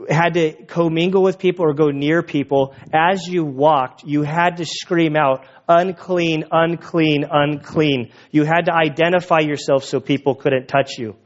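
A man delivering a sermon with a somewhat high-pitched voice, talking casually and with animation as he retells a story. The recording sounds a little dull and lo-fi. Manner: conversational, animated retelling with acted quotes. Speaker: pastor.

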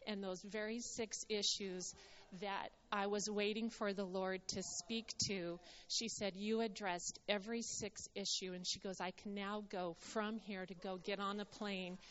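A woman speaks to a gathering, sharing a ministry testimony with earnest storytelling. She often slips into quoting other people's words. Her voice sits at a middle pitch and sounds slightly dull, with a long reverb trailing off the walls of a big hall. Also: flat delivery, measured pace, a bit bright, slight background noise.

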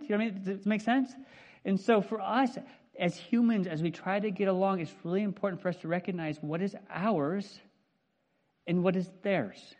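A man in his fifties preaching a sermon in a conversational, animated way, often checking in with "right?". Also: high-pitched, normal speed. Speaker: pastor.

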